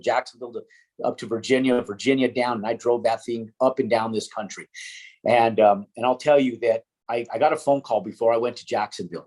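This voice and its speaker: A middle-aged man, an interview guest, telling a story in casual chat. He swears freely and acts out other people's lines as he talks. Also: medium pitch. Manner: swears casually, animated with quoted dialogue.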